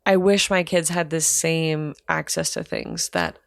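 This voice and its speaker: A woman's voice: deep voice, sing-song, a little slow, vocal fry, no echo, clean studio sound. A woman co-hosting an education podcast, a parent talking earnestly and casually with lots of "like". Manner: earnest and chatty, with frequent "like". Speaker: podcast co-host. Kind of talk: casual conversation.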